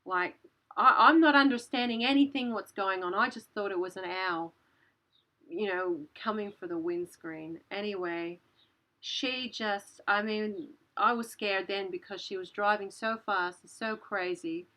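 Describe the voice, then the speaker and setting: A woman in her thirties recounts a story to camera, her voice sitting at an ordinary middle pitch. She talks in an animated, breathless rush, leaning on "like" and casual swearing. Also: unhurried, rough recording. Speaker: channel host.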